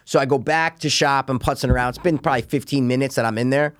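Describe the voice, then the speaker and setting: A young man on a podcast rambles through a profane story in casual chat, swearing a lot and acting out the voices of the people involved. His mid-range voice is fast and a bit bright, recorded dry at studio quality.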